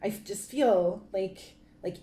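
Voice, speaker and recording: A woman's voice: mid-range voice, slow, mellow, reverberant. A woman giving a casual tarot card reading, talking in a rambling way with many fillers and restarts. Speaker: tarot reader.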